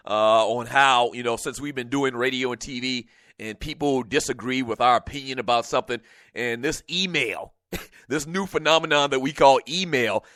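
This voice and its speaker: A middle-aged man hosting a sports talk radio show, venting in an animated way and laughing often. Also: on the high side, no echo.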